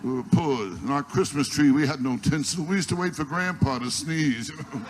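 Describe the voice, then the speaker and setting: Exasperated rapid-fire stand-up comic man. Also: a little high. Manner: rapid-fire one-liners, exasperated complaining. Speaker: stand-up comedian. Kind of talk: stand-up comedy set. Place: live stage before an audience. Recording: noisy archival live recording.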